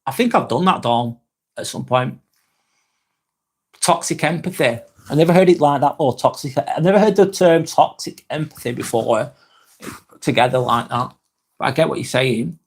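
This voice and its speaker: A man from Northwest England with a Lancashire accent hosts a relaxed live vlog, reading and answering viewer comments, swearing freely and often restarting sentences. His mid-range voice is animated and slightly rough, at a moderate pace.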